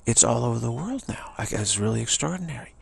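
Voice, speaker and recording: A man's voice: medium pitch, animated, fast talker, creaky. A man telling a personal story as a spiritual teacher, repeating key phrases and slipping into whispered asides. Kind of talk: casual storytelling talk.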